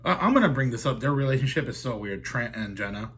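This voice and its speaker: Husky, profane man rambling through a movie recap. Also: medium pitch, expressive, fast, fairly bright tone. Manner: rambling, profane, heavy on fillers like "like" and "dude". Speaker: horror movie reviewer.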